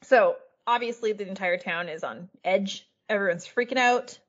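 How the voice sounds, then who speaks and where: A woman's voice: mid-range voice, moderate pace, fairly bright tone, highs cut off. Woman casually telling a history story. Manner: breezy storytelling, frequent swearing, laughs at her own jokes. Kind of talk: casual chat.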